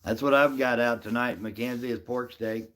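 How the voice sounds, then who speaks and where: A man's voice: medium pitch, fairly even intonation, normal speed, a bit bright. A middle-aged man casually chatting on a live stream, answering viewers by name in a folksy, easygoing way. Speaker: livestream host reading chat.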